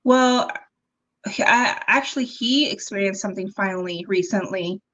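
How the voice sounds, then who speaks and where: A young woman chatting as a guest on a podcast, telling her own story with plenty of ums and quick laughs. She acts out the lines of the people in it as she goes. Her voice sits at an ordinary middle pitch, and the sound is a little dull and lo-fi. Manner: animated, acts out quoted dialogue, frequent ums and laughs. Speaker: interview guest. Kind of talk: casual storytelling conversation.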